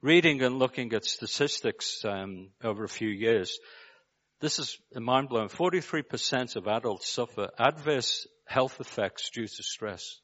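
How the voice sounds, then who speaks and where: A preacher from Liverpool with a Scouse accent, giving a measured sermon and putting rhetorical questions to his listeners. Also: mid-range voice, a bit bright, highs cut off. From Liverpool, England.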